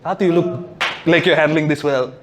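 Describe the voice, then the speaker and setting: A man's voice: on the high side, fairly even intonation, fairly quick, very noisy. A male stand-up comedian, sardonic and swearing freely during a set before a live audience.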